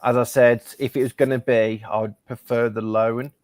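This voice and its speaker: A man's voice: mid-range voice, level tone, normal speed, darkish tone, dry recording. A man hosting a football phone-in, upbeat and opinionated. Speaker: phone-in host. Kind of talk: casual chat.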